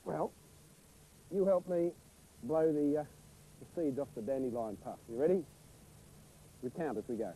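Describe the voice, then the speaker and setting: A man's voice: on the high side, normal speed, long pauses, warm tone, a little hiss or hum, low-quality recording. A man presenting children's TV outdoors, cheerfully counting along with the viewer.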